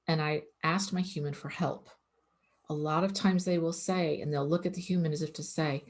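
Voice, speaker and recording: A woman with a low-pitched voice talks casually to the camera as an animal communicator. Her delivery is earnest and gentle, dotted with ums as she explains things. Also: fairly even intonation, normal speed.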